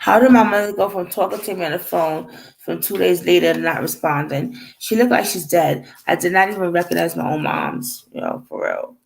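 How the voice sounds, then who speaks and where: This woman speaks a little fast in a lowish voice with vocal fry, and the recording is of low quality. Telling the camera a painful family story, she wanders from point to point, voices the dialogue herself and struggles not to cry as she shares this emotional personal story.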